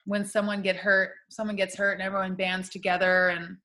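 A woman co-hosting a podcast in casual chat, talkative and quick to laugh, swearing offhandedly. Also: medium pitch, level tone, pushed and bright. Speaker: podcast co-host.

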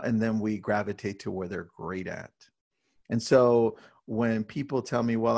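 Guy with a gravelly voice, casual interview chat, energetic storyteller. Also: mid-range voice. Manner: energetic storyteller, many "right?" tags. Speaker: real estate team leader.

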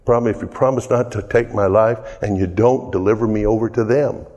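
A man's voice: lowish voice, brisk, darkish tone, dull audio, close to an everyday voice. A man voicing a weak, starving young male slave in a plain, pleading tone, within a sermon. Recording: echoey hall.

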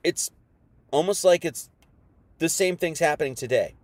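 A man's voice: a little high, normal speed, no room sound. A man preaching an informal sermon, firing off rhetorical questions in a folksy, combative manner.

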